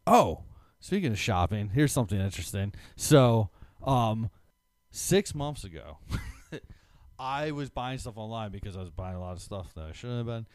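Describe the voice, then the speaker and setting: A man's voice: on the low side, normal speed, dry recording. Rambling casual man, dry close sound. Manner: rambling, lots of filler words, animated when excited. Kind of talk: casual chat.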